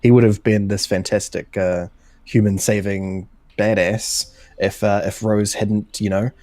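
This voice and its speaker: A man's voice: lowish voice, flat delivery, unhurried, dark tone, faint music behind. A man co-hosting a casual podcast chat, blunt and wry, laughing often. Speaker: podcast co-host.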